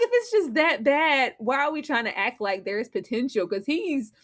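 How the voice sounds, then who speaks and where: A woman's voice: high-pitched, moderate pace, hardly any pauses. A woman in casual reality TV recap chat, acting out quotes and laughing often. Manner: animated, acts out quotes with laughter. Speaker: guest co-host.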